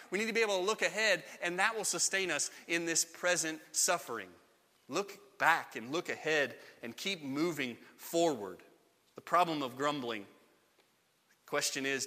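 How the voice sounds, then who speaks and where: A man's voice: a little high, bright, forceful tone. A man giving a conversational sermon as a pastor, acting out the voices he quotes. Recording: long echo of a large hall.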